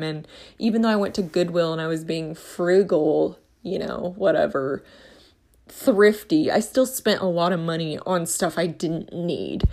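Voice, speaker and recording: A woman hosting a casual faith-and-money monologue, talking in an earnest, rambling, passionate way. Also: lowish voice.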